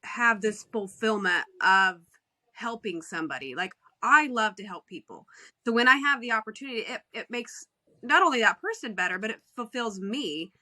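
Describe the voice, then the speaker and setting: Bright-voiced woman hosting an interview. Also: on the high side, expressive, normal speed. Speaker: host. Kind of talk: conversational interview.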